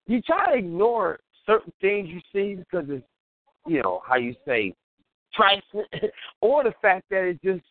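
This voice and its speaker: A man's voice: sits high, no echo. Laughing man rambling on a tinny line. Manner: laughs often, acts out scenes in quoted voices. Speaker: radio show host. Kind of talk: casual comedic monologue. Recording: tinny phone-line call-in audio.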